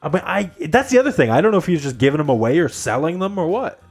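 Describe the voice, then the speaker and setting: A Canadian-accented man hosts a podcast and spins laid-back anecdotes. His voice sits a little high and swings widely in pitch. Faint music plays beneath the talk. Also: rapid-fire, slightly rough. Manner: storytelling, animated, laid-back. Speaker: podcast host. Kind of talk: casual chat.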